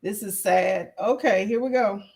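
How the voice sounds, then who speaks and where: A woman's voice: mid-range voice, unhurried, creaky, a little mellow. A woman hosting a live reaction stream, thinking aloud in a hesitant, musing way. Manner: musing, hesitant, full of fillers.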